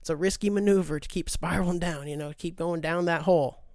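A man's voice: on the high side, steady tone, fast talker, a little mellow, no room sound. Man, podcast host, rambling, profane, self-deprecating, dry close mic. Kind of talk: casual monologue.

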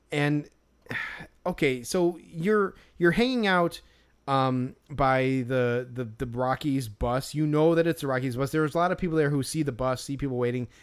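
A man's voice: mid-range voice, clean tone. A man co-hosting a casual podcast, telling a rambling story with lots of filler words. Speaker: podcast co-host. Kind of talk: casual chat.

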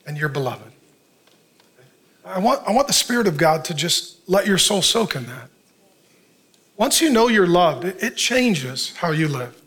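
A middle-aged man preaching a sermon, animated and often laughing at himself, who swings from shouted lines to soft, tender asides. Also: high voice. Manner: laughs often, self-deprecating humor. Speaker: pastor.

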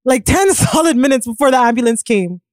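A young woman's fairly high voice, talking casually as an interview guest. She tells her story in a fast, animated rush, swears freely and acts out what people said. The sound is dry and close. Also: dry recording. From Caribbean family. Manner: animated, swearing, quick storytelling with acted quotes. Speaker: musician guest.

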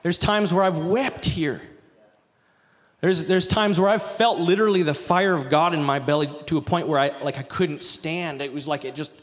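A middle-aged man preaching a sermon, telling a story in an animated, rambling way with asides. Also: fairly high pitch, normal speed, big-room sound. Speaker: pastor. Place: church sanctuary.

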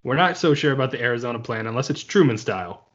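A man's voice: mid-range voice, expressive, quick pace, muffled recording. Playful man co-hosting a podcast. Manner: playful, spins hypotheticals. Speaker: podcast co-host. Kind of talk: casual chat.

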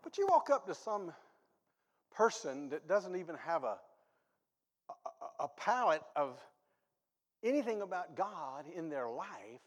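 Animated male pastor preaching in a reverberant church. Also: measured pace, pauses often. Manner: animated, swings from low asides to loud exhortation; self-deprecating humor, reads ads aloud for laughs. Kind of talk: sermon. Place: church sanctuary.

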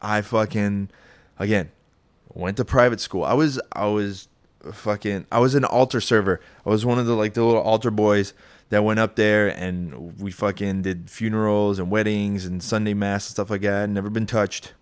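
A young man telling a personal story in a casual, rambling, profane way, getting animated as he retells it. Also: lowish voice, normal speed, clean tone.

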